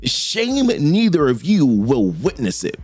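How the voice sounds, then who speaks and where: A man voicing a haughty, menacing female cult leader from a comic, drawing out her pronouncements slowly. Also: on the high side, huge pitch swings, a little mellow, breathy edge, heavily acted.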